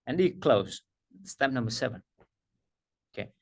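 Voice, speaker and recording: Slow, emphatic male coaching trainer. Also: mid-range voice, animated, vocal fry, darkish tone, breathy edge. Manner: emphatic, repeats key phrases, laughs at himself. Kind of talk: workshop teaching.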